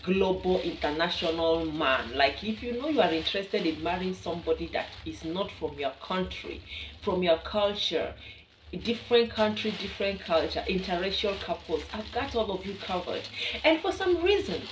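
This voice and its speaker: A woman's voice: lowish voice, moderate pace, noisy background. A woman from Kenya with a Kenyan accent, chatting playfully and with lots of energy to her viewers. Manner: chatty, playful and animated, laughs often. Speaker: vlogger. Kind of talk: casual vlog chat to camera. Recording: echoey room with a distant mic.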